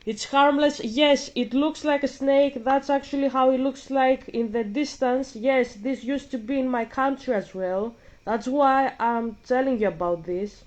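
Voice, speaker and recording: A woman's voice: sits high, unhurried, dull audio. Blunt, foul-mouthed woman vlogger. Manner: blunt, profane, emphatic. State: out of breath. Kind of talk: casual ranting commentary while gaming.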